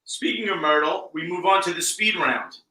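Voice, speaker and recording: A man's voice: high-pitched, normal speed, pushed and bright. A man co-hosting a casual talk show, teasing his guests as he reads out multiple-choice trivia questions. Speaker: co-host running a trivia quiz. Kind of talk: casual chat, quiz questions. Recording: roomy sound, distant mic.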